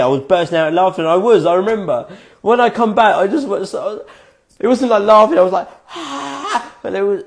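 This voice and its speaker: A man reading his own written notes aloud in a casual vlog, reflective and swearing freely, often breaking into helpless giggles. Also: fairly high pitch. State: fits of giggling. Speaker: vlogger.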